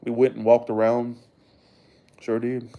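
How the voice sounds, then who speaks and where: A man's voice: mid-range voice, completely flat delivery, unhurried, highs cut off. A young man, chatting casually to his viewers in a rambling, enthusiastic way and swearing freely. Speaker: vlogger talking to viewers. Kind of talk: casual chat.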